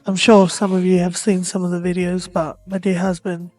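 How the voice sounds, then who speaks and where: A woman's voice: fairly low pitch, flat delivery, moderate pace, darkish tone, dry recording, faint music behind. A woman co-hosting a podcast, casually rambling with many "like" fillers. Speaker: podcast co-host. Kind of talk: casual chat.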